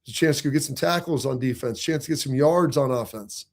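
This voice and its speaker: Energetic sports talk host, a man. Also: mid-range voice, fast talker. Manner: energetic, emphatic, conversational. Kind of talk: casual sports talk commentary.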